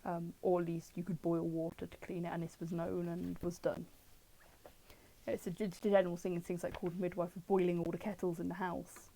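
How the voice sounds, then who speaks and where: A woman's voice: fairly low pitch, little pitch movement, a little fast, mellow, slight background noise, poor audio. A British woman streaming from home, chatting casually as she looks through old books and answers her chat with jokes.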